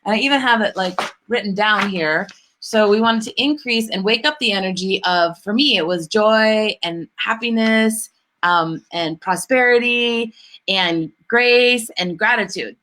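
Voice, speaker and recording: Bubbly lady gushing about stuff, bright sharp voice, says like a lot. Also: mid-range voice, measured pace. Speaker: podcast co-host. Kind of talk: casual chat.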